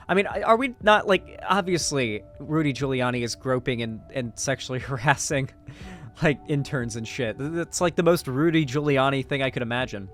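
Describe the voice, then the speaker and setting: This political commentary YouTuber has a slightly high, fairly bright voice. He reads news articles aloud, then breaks off into sarcastic, profane asides, swearing freely and letting sentences trail off.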